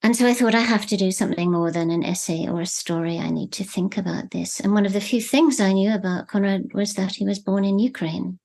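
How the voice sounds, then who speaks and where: A woman novelist talking reflectively in an interview, measured and searching for words. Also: mid-range voice, creaky, a little mellow. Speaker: novelist guest.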